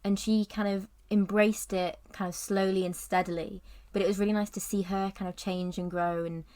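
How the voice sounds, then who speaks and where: A woman's voice: on the low side, a little mellow. A young woman co-hosting a podcast, chatting casually about a film with lots of "like" and "kind of" and frequent giggles. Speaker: podcast co-host. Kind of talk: casual film review chat.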